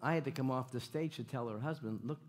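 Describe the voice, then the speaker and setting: A man preaching a church sermon, animated and jokey, often repeating his phrases and questioning the congregation. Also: medium pitch, fast. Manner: animated, jokey, repeats himself, audience call-outs. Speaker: guest preacher. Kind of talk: sermon with stories and jokes. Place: church sanctuary.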